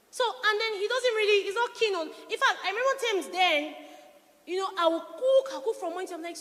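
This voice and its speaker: A middle-aged woman pastor preaching a sermon, telling lively stories and acting out her husband's words. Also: very high voice, fast talker. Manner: animated storytelling, quotes her husband. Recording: long reverberant hall.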